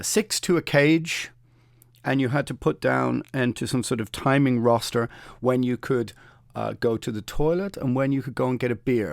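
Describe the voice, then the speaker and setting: A man's voice: medium pitch, creaky, no echo, studio quality. A middle-aged Irish man hosting a solo podcast rant, opinionated and sardonic with mocking asides. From Ireland. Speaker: podcast host.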